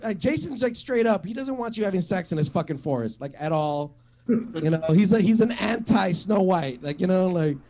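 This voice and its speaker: A man's voice: sits high, a little mellow. A man doing a stand-up set at an online open mic, rambling and profane, full of fillers and restarts. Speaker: stand-up comic.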